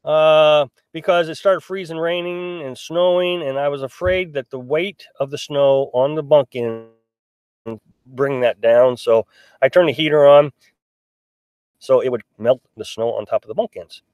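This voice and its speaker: A man's voice: fairly high pitch, measured pace, smooth, no room sound, highs cut off. Chatty middle-aged man, dry sound. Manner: chatty, rambling, many restarts and fillers. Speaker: live-stream host reading viewer comments. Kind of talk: casual live-stream chat. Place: in a small pop-up camper.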